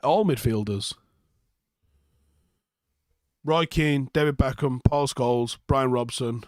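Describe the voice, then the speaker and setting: A man's voice: medium pitch, normal speed, a little mellow, dry recording, clean studio sound. A young man, hosting a live football reaction stream, reading viewer comments and answering them bluntly with plenty of swearing and sarcasm.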